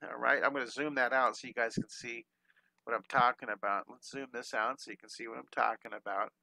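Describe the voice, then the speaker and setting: A man's voice: medium pitch, steady tone, fairly quick, creaky, bright, forceful tone, dry recording, poor audio. A man teaching a live online drawing lesson, upbeat and encouraging, talking his students through each step and breaking into playful chants and sound effects.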